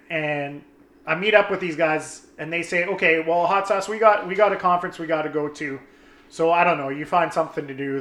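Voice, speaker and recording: A young man telling a story in casual chat, animated and swearing, acting out his friends' lines. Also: on the high side, reverberant.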